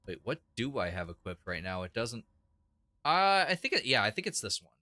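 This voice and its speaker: A man's voice: on the low side, sing-song, moderate pace, bright, forceful tone, no echo. Chatty young man streaming a game. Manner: chatty, opinionated, thinks aloud with restarts. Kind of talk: casual live gameplay commentary.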